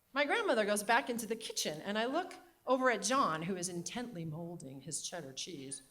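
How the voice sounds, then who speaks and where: A middle-aged woman performing a personal story live, measured and wry with careful comic pauses. Her pitch moves lively and expressive through each line. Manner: wry, deliberate comic timing.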